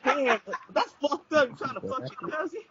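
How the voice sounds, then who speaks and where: A man chatting casually with friends, reacting loudly with jokes and swearing. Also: extremely high pitch, expressive, moderate pace, a little hiss or hum. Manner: loud, swearing, jokey reactions. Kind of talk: casual group chat. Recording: dull lo-fi recording.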